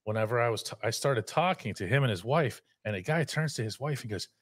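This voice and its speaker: A man's voice: mid-range voice, animated, quick pace. A man with a slightly nasal voice, co-hosting a casual sports podcast in a wry, self-mocking way. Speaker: podcast host.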